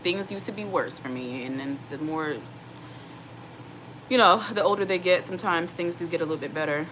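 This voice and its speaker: A woman in her thirties with a fairly low voice speaks earnestly and directly to her viewers, giving casual advice. Clear background noise sits under her voice throughout. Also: a bit bright, low-quality recording. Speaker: single mom vlogger.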